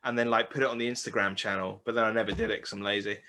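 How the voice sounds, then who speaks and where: A man's voice: on the low side, little pitch movement, very fast, sharp tone. A man co-hosting a casual wine podcast, laid-back, hesitant and giggly. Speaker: podcast co-host. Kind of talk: casual chat over wine.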